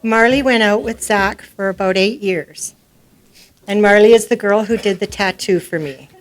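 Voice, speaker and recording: A woman's voice: mid-range voice, moderate pace. Woman, middle-aged, grieving mother, eulogy, informal, rambling, heartfelt, community hall. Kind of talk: unprepared memorial speech.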